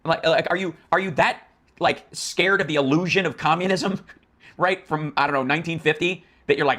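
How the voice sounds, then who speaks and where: A man with a fairly high, bright and forceful voice rants through political commentary. He mocks and swears freely and sounds exasperated. He rambles, restarts and trails off into asides as he talks. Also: normal speed. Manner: profane, mocking, exasperated.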